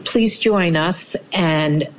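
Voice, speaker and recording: A woman's voice: lowish voice, extremely slow, a little hiss or hum, rough recording. A woman, animatedly telling a personal story and acting out what people said. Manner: animated, acts out quoted voices. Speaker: interviewee telling her story.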